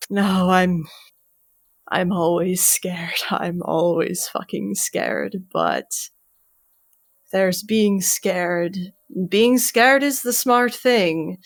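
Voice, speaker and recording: A woman's voice: on the low side, extremely slow, pauses often. A woman in a tabletop role-play, describing her character's actions and scolding another character in a stern, profane voice. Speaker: player voicing Curling.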